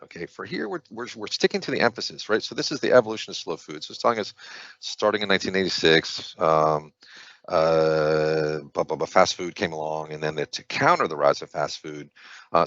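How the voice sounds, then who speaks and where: A man's voice: sits low, fairly bright tone, no room sound, highs cut off. A man tutoring through practice test questions, thinking aloud with frequent restarts and fillers. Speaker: SAT prep tutor. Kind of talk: screen-share test walkthrough.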